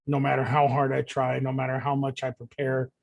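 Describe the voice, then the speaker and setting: A man voicing a sleepless man cursed by a demon, speaking in a halting, stammering way. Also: mid-range voice, completely flat delivery, creaky, no room sound, natural voice. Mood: haunted.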